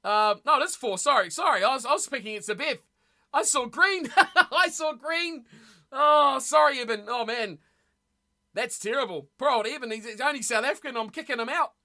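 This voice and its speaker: A woman's voice: on the high side, lively intonation, brisk, sharp tone. A woman streamer chatting casually with her live chat, blunt and opinionated, often losing her train of thought.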